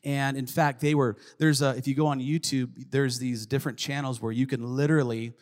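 A man in his thirties co-hosting a faith talk show, telling a family story in a rambling, animated way full of fillers. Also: medium pitch, brisk. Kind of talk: casual storytelling with a spiritual lesson. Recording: long hall reverb.

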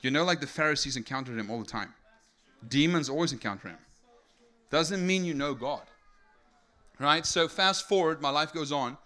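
A man's voice: a little high, normal speed, pauses often. A young man from South Africa telling his life story as a sermon to an audience, peppering it with "right?" and asking for raised hands. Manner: energetic storytelling with many rhetorical "right?" tags. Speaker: speaker giving testimony. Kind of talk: sermon testimony to a live audience.

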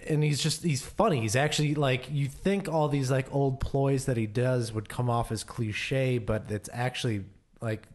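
A man's voice: mid-range voice, normal speed, few pauses, a little mellow. A man co-hosting a casual podcast chat, talking loosely, swearing and acting out quotes. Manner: loose, profane, acts out quotes. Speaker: podcast co-host.

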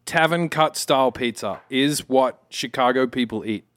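A man's voice: mid-range voice, normal speed, fairly bright tone, no room sound. A man with an Australian accent, a podcast guest, chatting casually and telling rambling, self-mocking stories. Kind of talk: casual chat.

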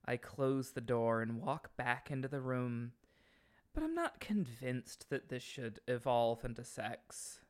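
A man's voice: mid-range voice, very animated, slow. A man co-hosting a comedy podcast, reading a romance novel aloud with theatrical, mock-serious delivery and joking between passages. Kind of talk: comic dramatic reading and banter.

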